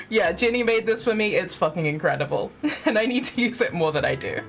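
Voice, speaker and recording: A woman's voice: medium pitch, gravelly. A young woman streaming a game, chatting casually with viewers, giggling often and poking fun at her own setup. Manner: giggly, chatty, self-deprecating. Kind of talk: casual live-stream chat.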